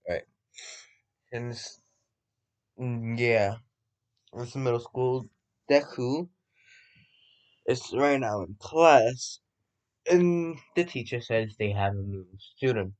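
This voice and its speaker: A man's voice: mid-range voice, takes it slowly, pauses often, a little mellow. Rambling young man telling a fan story. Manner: rambling, swears, self-corrects often. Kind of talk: casual improvised fan story narration.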